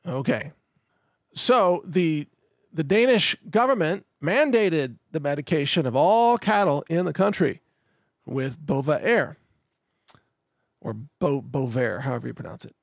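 A man's voice: fairly high pitch, sing-song, a little slow, creaky, no room sound, studio quality. A middle-aged man hosting a podcast, talking through the news in a casual, sardonic monologue with frequent restarts. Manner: sardonic, laughs at the news, repeats words when restarting. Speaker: podcast host.

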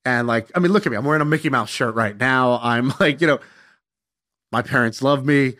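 A young man tells a casual story with animated, self-mocking energy. His voice sits in an ordinary middle pitch, and he swears freely as the anecdote rolls on. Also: fairly quick.

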